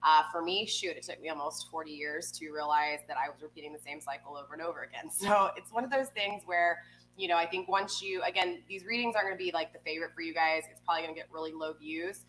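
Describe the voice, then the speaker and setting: A woman's voice: low-pitched, fast, a bit bright, a little hiss or hum, poor audio. A woman in her forties hosting a tarot reading, chatting casually with viewers, rambling with lots of ums. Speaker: tarot reader, channel host.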